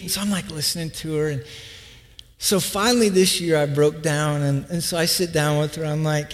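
A pastor in his thirties with a high voice tells a humorous story from the pulpit. He chats easily and acts out his family's lines. His voice rings with the long reverb of a church hall. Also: normal speed, a bit bright. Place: church hall with live audience.

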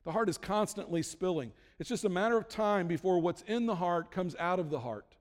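A man's voice: sits high, animated, fairly quick. A male pastor delivering a sermon in a conversational, joking manner with many restarts. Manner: conversational, self-deprecating humor, frequent restarts. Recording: long hall reverb.

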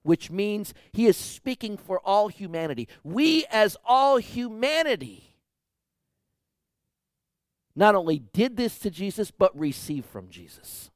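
A man preaches a sermon with a slightly high voice. He drives his points hard, then drops to a hushed tone. The recording is dry and close. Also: big pitch swings, measured pace, no room sound. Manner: emphatic preaching, swings from loud to hushed. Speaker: pastor.

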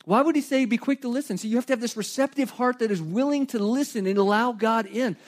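A middle-aged man preaching a sermon in a conversational, animated way, with asides and light humor. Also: very high-pitched, fast talker. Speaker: pastor.

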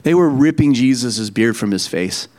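A middle-aged man preaching a sermon in a conversational way, with frequent restarts and quick asides to the congregation. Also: mid-range voice, expressive, darkish tone. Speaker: pastor.

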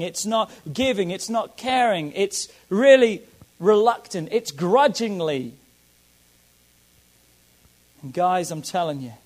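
A man preaching a sermon as a pastor, emphatic and repeating key phrases, swinging between loud declarations and soft asides. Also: on the high side, poor audio.

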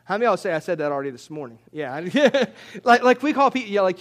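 A man with a high voice preaches to his congregation. He talks in a loose, conversational way, often repeating words before he finds them, and climbs higher when he drives a point home. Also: animated, fast talker. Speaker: pastor. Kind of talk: sermon.

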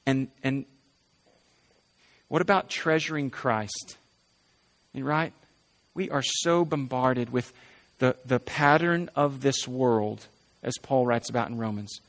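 A man's voice: mid-range voice, takes it slowly, pauses often, fairly bright tone. A male pastor preaching a conversational sermon, asking rhetorical questions and often adding "right?".

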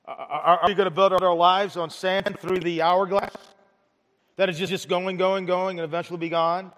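A man with a high voice preaches a sermon, repeating words as he restarts and throwing rhetorical questions at the congregation. His voice carries a long reverb, as in a large hall. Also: little pitch movement, normal speed, fairly bright tone. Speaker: pastor.

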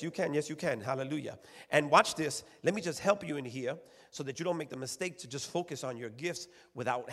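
A man's voice: mid-range voice, slightly rough. A man preaching a sermon, calling out to the congregation and repeating his phrases. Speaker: pastor. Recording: long echo of a church hall.

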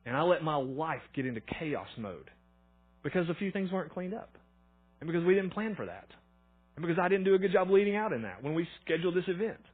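A man preaching in a church, talking fast in a chatty, storytelling way. His voice sits a little high and sounds husky. The sound is thin and narrow, as if heard over a phone line. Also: sing-song. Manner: chatty storytelling with fillers and quoted inner thoughts. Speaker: pastor. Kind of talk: conversational sermon. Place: church auditorium.

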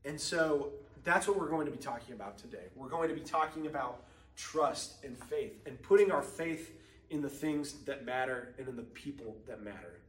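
A man's voice: medium pitch, expressive, moderate pace, fairly bright tone. Young male preacher in an echoey room. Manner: casual storytelling with frequent ums. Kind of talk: sermon with personal story. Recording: echoey room, mic at a distance.

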